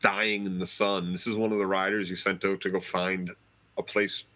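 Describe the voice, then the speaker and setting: A man's voice: deep voice, little pitch movement, moderate pace, pushed and bright. A man co-hosting a casual recap podcast, throwing in dry, sarcastic, profane comments. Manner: dry, sarcastic interjections, swears. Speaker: podcast co-host.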